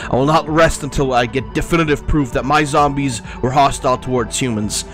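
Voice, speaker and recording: A man reading out a stubborn zombie commander who flatly refuses to accept any accusation against his troops. His voice sits at a middling pitch, sounds a little congested, and has faint music underneath. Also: fairly quick, close to an everyday voice. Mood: indignant. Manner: defensive, stubborn. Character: indignant male zombie commander.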